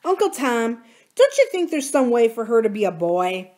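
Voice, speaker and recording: A woman's voice: on the high side, very animated, moderate pace, darkish tone, voice pushed up. Brief: earnest young boy in a storybook reading, raised and eager, voiced by a woman reader. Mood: pleading.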